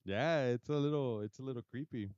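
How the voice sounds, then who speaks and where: A man's voice: medium pitch, a little fast, a little mellow, dry recording, lo-fi sound. Rambling bilingual man telling a spooky story. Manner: rambling, swearing, mixing English and Spanish. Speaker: podcast co-host. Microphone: podcast mic.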